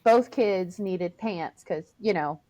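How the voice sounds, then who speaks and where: A woman's voice: fairly low pitch, slow pace, dark tone. A woman in her thirties co-hosting a casual podcast, talking bluntly and swearing freely. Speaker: podcast co-host. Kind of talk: casual chat.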